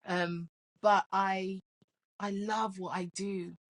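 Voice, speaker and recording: A middle-aged life coach appears as a guest in a relaxed interview, speaking slowly in a mid-range voice. She tells her stories with energy, laughs a lot, and repeats words when beginning sentences.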